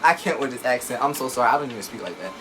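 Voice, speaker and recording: A man chatting casually while unboxing a laptop, excitable and gushing, recorded on a phone at home. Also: medium pitch, very fast, low-quality recording. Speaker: tech unboxing vlogger. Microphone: phone camera. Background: background music.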